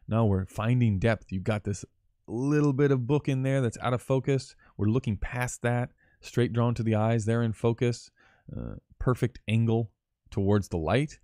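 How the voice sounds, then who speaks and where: A man's voice: on the low side, warm tone, no room sound, studio quality. A man on a live stream, breaking down film shots in a loose, enthusiastic way, swearing now and then and restarting his sentences. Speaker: cinematographer teaching on a live stream. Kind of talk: casual live-stream critique.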